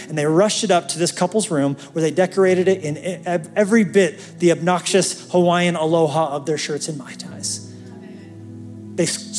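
Guy preaching a sermon, kinda higher voice, faint music under it. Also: a little mellow. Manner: storytelling, building to fervent calls. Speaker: pastor.

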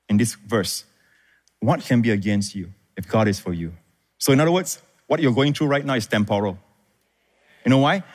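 Male pastor, emphatic call-and-response preaching, lively delivery, echoing hall. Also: on the high side. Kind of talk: sermon. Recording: reverberant hall.

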